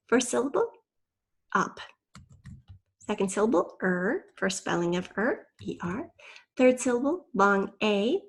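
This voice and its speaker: A woman teacher gives a spelling lesson online, spelling out words letter by letter for young children. Her voice is gravelly and a little husky. She speaks patiently and clearly into a computer mic. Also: medium pitch.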